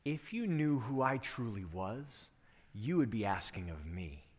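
Preacher doing a gentle, low-voiced wise teacher, sermon in an echoing hall. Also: male voice, big pitch swings, a little slow. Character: calm, knowing male teacher.

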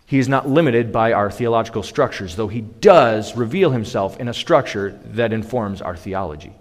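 A man's voice: lowish voice, lively intonation, moderate pace. A man preaching a sermon as pastor, emphatic, with sudden raised bursts. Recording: long reverb of a large hall.

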